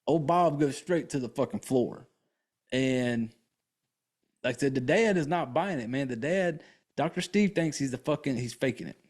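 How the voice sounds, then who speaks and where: A man's voice: mid-range voice, expressive, normal speed, darkish tone. A man hosting a podcast, casually recapping a movie in a loose, profane, rambling way full of fillers. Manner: laid-back, chatty, full of fillers. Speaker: podcast host.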